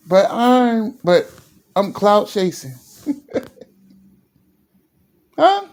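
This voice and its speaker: A man from Virginia ranting in a sports vlog, fired up and repeating himself, sometimes dropping low and emotional. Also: sing-song, slow, pauses often, a little mellow. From Virginia, USA. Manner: fired-up and repetitive, stumbles over restarts; drops low and emotional at times. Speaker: sports commentary vlogger.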